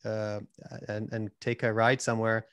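A man's voice: lowish voice, little pitch movement, normal speed, smooth, no room sound. Man, mixed canadian british israeli accent, rambling chatty interview talk, dry close sound. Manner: rambling, self-deprecating, chatty. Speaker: podcast host being interviewed. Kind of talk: casual interview conversation.

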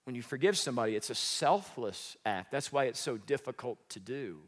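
A man preaching a sermon as pastor, lively and joking, sometimes acting out what people say. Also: medium pitch, a little fast. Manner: lively, joking, acts out quoted speech. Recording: reverberant church hall.

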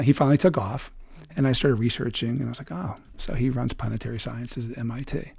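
Man, podcast guest, storyteller, gravelly husky voice, acts out dialogue. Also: medium pitch, quick pace, darkish tone. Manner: acts out dialogue with laughs and sound effects. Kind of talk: animated storytelling.

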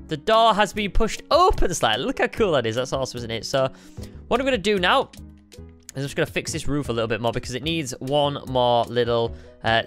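A man's voice: medium pitch, fairly bright tone. A young man, talking viewers through building in a video game in a chatty, upbeat way. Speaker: gaming video host. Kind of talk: game commentary.

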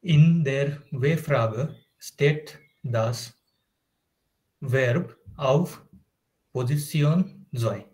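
A man's voice: mid-range voice, extremely slow, darkish tone, poor audio. A man reading aloud carefully as a student in a language class.

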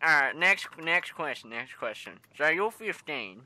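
A man's voice: on the high side, big pitch swings, measured pace, bright, forceful tone, no echo. A young Australian man hosting a joking mock interview over game voice chat, swearing constantly and rambling between questions. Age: young adult. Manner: crude, swearing, rambling and teasing. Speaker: gaming video host.

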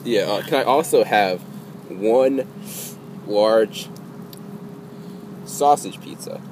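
A man making a prank phone call, calmly deadpan and insisting he has been the same person all along. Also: on the low side, slow pace. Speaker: prank caller. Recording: phone call with background noise.

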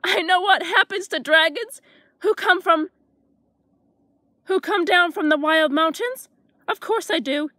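A woman's voice: very high-pitched, measured pace, pauses often, bright, forceful tone, no room sound, studio quality, pitched above the performer's own voice, heavily acted. A woman voicing a timid, jittery male dragon who stammers and panics. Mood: panicky.

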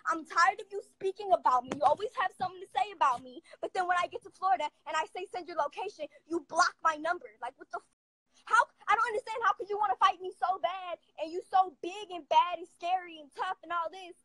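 A woman ranting to camera in a confrontational, profane, rapid-fire way. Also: very high-pitched, sharp tone, no room sound, poor audio. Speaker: vlogger. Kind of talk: angry casual rant to camera.

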